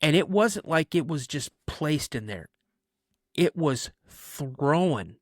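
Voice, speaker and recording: Podcast guest, male: a chatty, animated storyteller who slips into character voices, recorded dry and close. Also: a little high, slow pace, no room sound. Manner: animated, acts out voices in his stories; chatty, many "you know" fillers. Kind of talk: casual storytelling.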